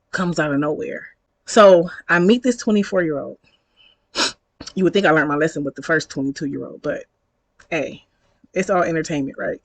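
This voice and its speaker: A woman's voice: fairly low pitch, no room sound, low-quality recording. Thirties woman, casual storytime vlogger, slangy and chatty, dry close-up sound. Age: 30s. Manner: chatty, slangy, reenacts dialogue, laughs often.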